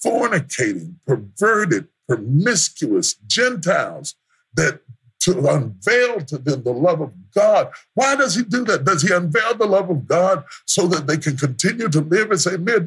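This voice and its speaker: A man preaching a sermon as pastor, building to shouts through repeated refrains. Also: sits high, very animated, unhurried, slightly rough.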